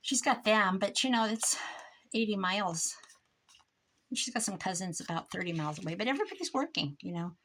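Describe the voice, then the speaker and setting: An older woman from Iowa chats while she works through crafts at her desk. She rambles from one story to the next and laughs often. A faint hiss and the click of supplies sit under her mid-pitched voice. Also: animated, a little fast, fairly bright tone. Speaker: crafter vlogger. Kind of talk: casual chat while crafting.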